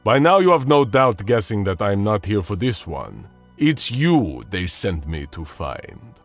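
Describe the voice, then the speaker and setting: A man voicing a menacing male barbarian swordsman who speaks with slow, measured menace. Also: on the low side, big pitch swings, faint music behind.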